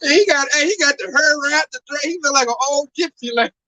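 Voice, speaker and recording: A man preaching on a downtown street in an animated, slangy, exclamatory way. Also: very high-pitched, fairly quick, dry recording, recorded from a distance, poor audio.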